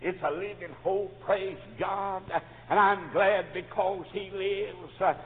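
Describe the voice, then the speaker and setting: A preacher delivering a revival sermon, swinging from hushed storytelling to loud fervent shouts. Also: male voice, high-pitched, steady tone, slow, faint music behind. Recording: tinny lo-fi recording in a reverberant church.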